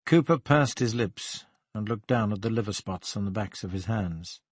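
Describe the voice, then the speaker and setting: A man narrating a crime novel in a measured, even storytelling voice. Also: lowish voice, dry recording. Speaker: audiobook narrator.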